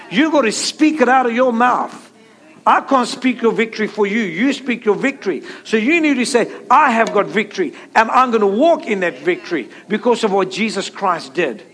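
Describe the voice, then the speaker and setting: A man's voice: very high voice, a bit bright. A male pastor preaching a sermon, emphatic and repetitive, leading the congregation in call-and-response.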